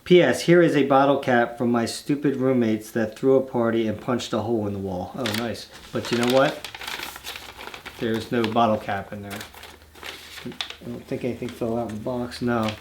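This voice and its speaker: A relaxed man hosting a home video channel, reading fan letters aloud at an ordinary pitch. He breaks off into easygoing, rambling asides, restarting his sentences as he goes. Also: moderate pace, background noise.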